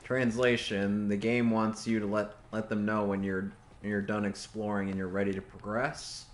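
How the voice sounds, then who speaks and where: A man's voice: fairly low pitch, level tone, moderate pace, slight background noise. Dry, wisecracking man playing a game. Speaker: game player. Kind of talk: casual let's-play chat.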